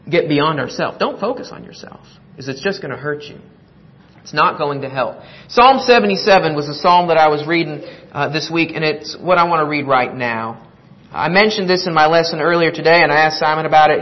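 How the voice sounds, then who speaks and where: A man preaching a sermon, reading scripture aloud with earnest drama and a touch of humor. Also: high voice. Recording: muffled lo-fi recording.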